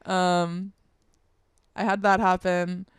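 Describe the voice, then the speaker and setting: A woman's voice: fairly low pitch, flat delivery, takes it slowly, a crowd in the background. A young woman co-hosting a podcast, telling stories in a chatty way with lots of fillers. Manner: chatty storyteller, filler-heavy. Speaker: podcast co-host. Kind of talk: casual chat.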